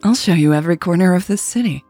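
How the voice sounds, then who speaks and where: A woman voicing an eager, shy young woman in love, who gets squeaky when flustered. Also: quick pace, mellow, soft background music.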